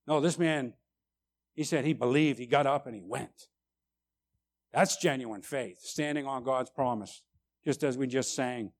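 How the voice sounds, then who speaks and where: A man preaching a sermon, emphatic, tagging lines with "right?" and swinging between loud and quiet. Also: on the high side, moderate pace, long pauses. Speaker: pastor.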